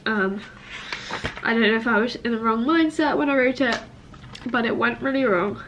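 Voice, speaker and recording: Young girl sniffling thru a rant, kinda high voice, faint hiss in the background. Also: normal speed, a bit bright, muffled recording. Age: young adult. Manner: upset, rambling, self-critical. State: tearful, sniffling. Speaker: vlogger, university student. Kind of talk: emotional personal vlog.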